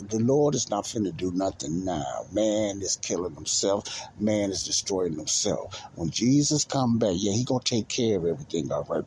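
Solo host, male, deep voice, heated and repetitive delivery, slight background hiss. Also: darkish tone. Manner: preachy, repetitive, rising to emphatic outbursts. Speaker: podcast host. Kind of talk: angry solo monologue.

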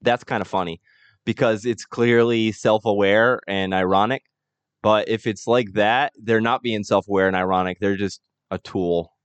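A man talking casually on a podcast in a lowish voice. He stops and restarts as he works through a thought. The sound is dry, with no room around it. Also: steady tone, smooth, no room sound. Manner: halting, repeats words while thinking. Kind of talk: casual chat.

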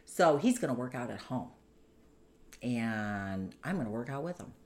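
Very deep-voiced woman, lively storytelling. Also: moderate pace, slight background noise. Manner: earnest, tumbling narration full of "you know" and "like". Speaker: guest telling her story. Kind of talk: candid personal storytelling in conversation.

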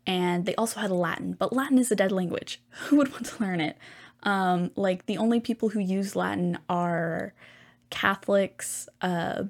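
A teenage girl talking on her own podcast in a loose, rambling monologue. She talks at a middle pitch and piles on fillers as she drifts between thoughts. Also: moderate pace, vocal fry. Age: teens. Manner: rambling, filler-heavy, chatty. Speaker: podcast host.

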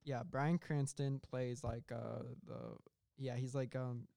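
A young man rambles through a ridiculous movie pitch, stopping and restarting with plenty of "um" and "like". His voice sits at an ordinary middle pitch and sounds close and dry, with little room around it. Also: flat delivery, creaky, mellow, no room sound. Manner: rambling, halting, full of fillers and laughs. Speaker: comedy podcast co-host pitching a film. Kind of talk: casual improvised comedy chat.

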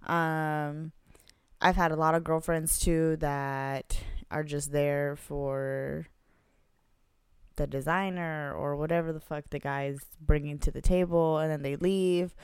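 A woman's voice: low voice, fairly even intonation, takes it slowly, a little mellow, clean tone, dry recording, clean studio sound. A young woman co-hosting a podcast, talking casually with slang and thinking things through. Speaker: podcast co-host. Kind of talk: casual chat.

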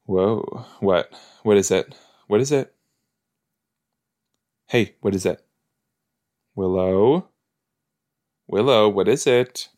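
A man with a lowish voice talks through an episode as a casual watch-along. He speaks slowly and thinks aloud. He is chatty and joking, with plenty of filler words. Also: darkish tone. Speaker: podcast host.

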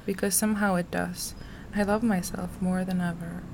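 A woman reading aloud from her personal journal, soft and slow, sometimes dropping to a whisper. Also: on the low side, flat delivery, background noise. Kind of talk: intimate journal reading, poetry-like.

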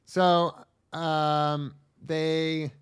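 A man's voice: fairly high pitch, level tone, drawn-out words, smooth. A man co-hosting a podcast, recapping an anime in a rambling, crude, casual way with lots of ums and restarts. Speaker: podcast co-host.

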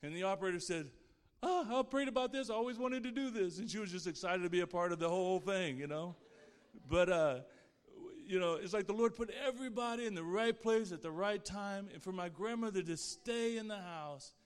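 A man's voice: sits high, a little fast, clear, resonant tone, big-room sound. A man sharing a personal faith testimony in an earnest, heartfelt way. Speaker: guest speaker sharing his testimony.

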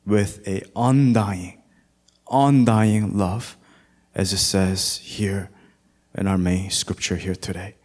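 A man as pastor preaching a sermon, his voice building in intensity and slipping into song now and then. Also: lowish voice. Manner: preaching with rising intensity, sometimes singing.

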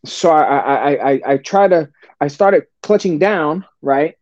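A man's voice: on the high side, unhurried, a little mellow, no room sound. A man as a podcast guest telling his story in a casual, profane way, often calling the listener "brother" and restarting his sentences. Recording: dull lo-fi podcast audio.

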